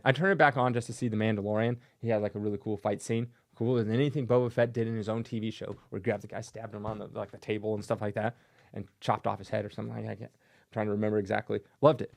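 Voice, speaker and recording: A man with a gravelly, creaky voice talks straight to his audience in a casual rant. He is sarcastic and mocking, and now and then slips into silly voices to make fun of things. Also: lowish voice, darkish tone. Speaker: comic collector channel host.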